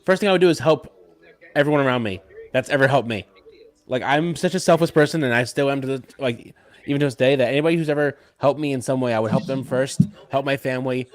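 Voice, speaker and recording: A man's voice: medium pitch, fast. Agreeable man in casual chat. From New Jersey. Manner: agreeable, chimes in with short replies. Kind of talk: casual chat on a live stream.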